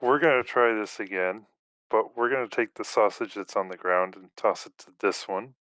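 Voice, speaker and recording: A man playing a tabletop game, describing his moves in a deliberate, easygoing way. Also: on the low side, fairly bright tone, no echo. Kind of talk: casual game chat.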